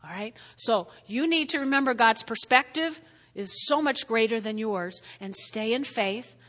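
A woman's voice: a little high, expressive, a little slow, fairly bright tone. A woman pastor preaching a conversational sermon, often checking in with her listeners and repeating key phrases for emphasis. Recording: long reverb of a large hall.

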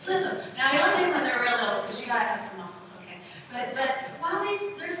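A woman's voice: sits high, big pitch swings, quick pace, hardly any pauses. A woman in her sixties preaching a sermon, telling stories and putting questions to the congregation. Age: 60s. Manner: conversational storytelling, questions to the congregation. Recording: echoey hall from far off, audible room noise.

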